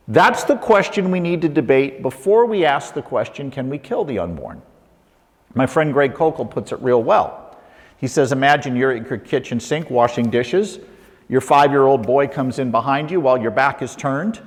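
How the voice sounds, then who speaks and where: A middle-aged man delivers an animated talk, firing off rhetorical questions and playful asides. His voice sits somewhat high for a man. A long reverb from the hall trails each phrase. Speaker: speaker. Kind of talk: lively apologetics talk. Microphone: handheld or lapel mic.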